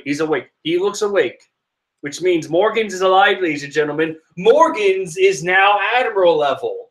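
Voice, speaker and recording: A man giving casual, excitable commentary while reading a comic chapter, rambling and laughing often. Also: on the high side, moderate pace. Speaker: manga reaction vlogger.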